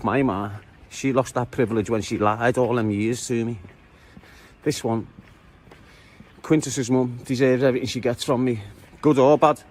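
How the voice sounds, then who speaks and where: A Liverpool vlogger walks the city streets, trading cheeky jokes with his viewers. His mid-range voice has a darkish tone and fairly even intonation, moving at normal speed with frequent pauses.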